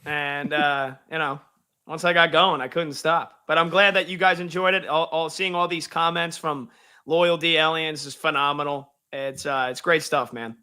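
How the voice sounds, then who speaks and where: Man, high bright voice, theatrical pun-heavy sports recap. Guest regular. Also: fairly even intonation, normal speed, clean tone. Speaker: guest segment host. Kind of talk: punny scripted sports recap, then casual chat.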